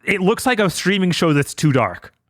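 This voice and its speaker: Lively higher-voiced man chatting. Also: normal speed, no room sound, clean studio sound. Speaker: podcast co-host. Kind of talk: casual movie review chat.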